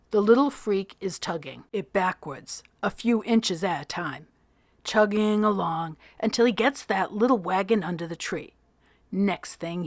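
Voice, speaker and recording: A woman teacher reading a novel aloud in an expressive storytelling voice, narrating in the first person. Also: mid-range voice, no room sound.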